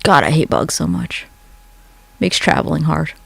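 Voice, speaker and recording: There's a sing-song lilt to this mid-range, creaky, slightly bright voice, at a moderate pace and recorded dry. It comes from a livestreamer rambling late at night at home into a phone, swearing freely and answering chat comments.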